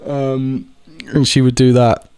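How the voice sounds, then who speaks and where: A man's voice: mid-range voice, little pitch movement, slow pace, darkish tone, smooth, no echo, studio quality. A young man talking casually to camera, rambling with lots of restarts and the odd swear word. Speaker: vlogger. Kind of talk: casual monologue.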